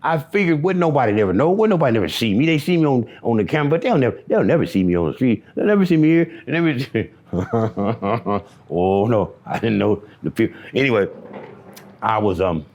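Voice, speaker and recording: A man being interviewed, telling a personal story in a halting, repetitive, profane way, with stammering restarts. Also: medium pitch, lively intonation, a little mellow.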